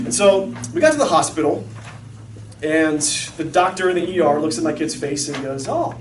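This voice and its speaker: A man in his thirties gives a casual, animated talk to an audience of parents, full of fillers and quick stories. His voice sits high for a man. It's captured from a distance in a reverberant hall with a faint hum of room noise behind him. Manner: storytelling, animated, lots of fillers.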